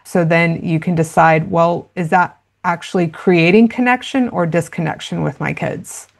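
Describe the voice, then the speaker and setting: A woman with a lowish, gravelly voice talks through parenting in an earnest, explanatory way. She speaks as an interview guest, warm in content but practical, and slips into short quoted lines of dialogue to make her points. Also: normal speed. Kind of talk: conversational interview.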